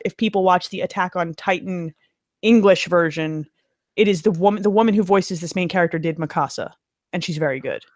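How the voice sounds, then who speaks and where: A woman's voice: mid-range voice, dry recording. A woman co-hosting a podcast in casual chat, teasing her friend, swearing a lot and laughing through her lines. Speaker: podcast co-host.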